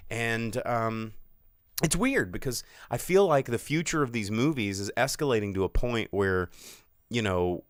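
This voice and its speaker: A man co-hosting a film podcast with a smooth, resonant voice. He talks in a loose, animated way, full of sarcasm. The sound is dry and close. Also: lowish voice, unhurried, no room sound. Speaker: podcast co-host. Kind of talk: casual film chat. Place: studio.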